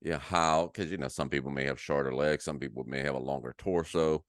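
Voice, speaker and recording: A man's voice: very deep voice, fairly even intonation, a little fast, dry recording, studio quality. A man co-hosting a radio talk show, chiming in with short agreeing quips. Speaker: radio co-host. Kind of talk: casual radio chat.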